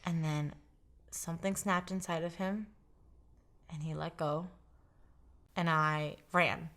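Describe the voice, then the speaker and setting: A young woman giving a documentary interview, speaking haltingly and quietly, often sinking toward a whisper. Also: low-pitched, fairly even intonation.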